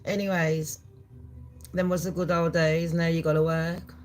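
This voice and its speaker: A middle-aged woman from Jamaica, hosting a brash, profane live-stream chat that swings loud and animated. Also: sits low, measured pace, faint music behind. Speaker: channel host.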